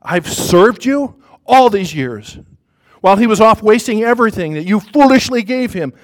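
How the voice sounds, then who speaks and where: Bitter older son, young man, high and loud with grievance, as a preacher puts him on. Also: moderate pace, natural voice, poor audio. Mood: resentful. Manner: bitter, raised, complaining.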